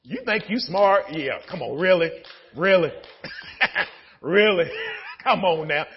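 A male pastor preaching a sermon in a church sanctuary, moving between easy storytelling and shouted, laughing exhortation. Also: high-pitched, lively intonation, slow, pauses often, slightly rough, lo-fi sound.

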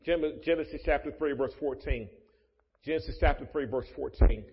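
A man preaching a sermon as pastor of his church, with loud rising emphasis and joking asides to the congregation. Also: fairly high pitch, moderate pace, slightly rough. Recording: muffled, echoey church hall.

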